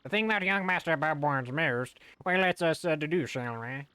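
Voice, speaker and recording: A man reading in a voice as a pompous, theatrical gentleman detective from a video game. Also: on the high side, normal speed, clear, resonant tone, no room sound. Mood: grandiose.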